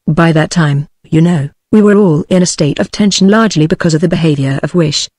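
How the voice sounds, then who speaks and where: A text-to-speech woman's voice with a British English accent, reading a story aloud as an audiobook narrator in an even, measured way. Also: low voice, husky, dry recording. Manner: even, measured synthetic delivery.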